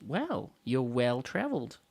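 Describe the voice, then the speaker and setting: Very deep-voiced playful woman host. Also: big pitch swings, unhurried, gravelly, darkish tone, breathy edge. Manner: playful, jumps to tangents and jokes. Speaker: radio host. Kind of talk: casual radio chat.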